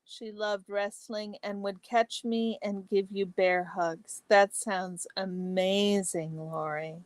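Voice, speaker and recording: A woman hosting a casual livestream chat, reading viewer comments aloud and answering each by name, chatty and exclamatory with soft asides. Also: mid-range voice, steady tone, slow, dry recording. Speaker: livestream host.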